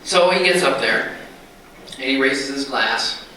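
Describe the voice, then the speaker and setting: A man giving an after-dinner speech, telling a joke in a folksy, halting way, heard from far off in a large banquet hall. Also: medium pitch, expressive, bright, forceful tone, slight background noise. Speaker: speaker at a retirement dinner.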